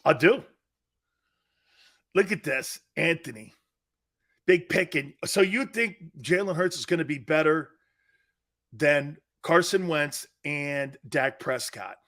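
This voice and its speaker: A man's voice: fairly high pitch, slow, pauses often, fairly bright tone. A man hosting a live sports talk show, brash and trash-talking, reading out listener comments and laughing often.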